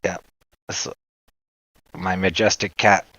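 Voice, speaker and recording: A man's voice: low voice, little pitch movement, takes it slowly, fairly bright tone, no room sound. Man, Canadian accent, casual livestream chat, joking, dry close sound, dull lo-fi audio. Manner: rambling, joking, laughs often. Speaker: livestream host.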